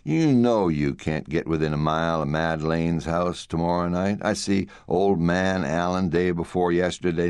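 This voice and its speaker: A man's voice: low voice, no room sound, studio quality. A man voicing a folksy outlaw sidekick who chides his partner, in an audiobook.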